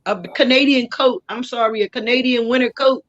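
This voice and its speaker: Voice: medium pitch, fairly even intonation, fairly quick, a bit bright, lo-fi sound. A speaker in casual chat who interjects often. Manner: laughing, interjecting.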